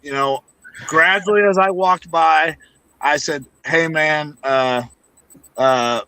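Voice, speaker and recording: A man's voice: a little high, slow, pushed and bright, clean tone, no room sound. A man telling funny, profane stories in a casual podcast chat, as a guest who used to wrestle. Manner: profane, joking anecdote teller.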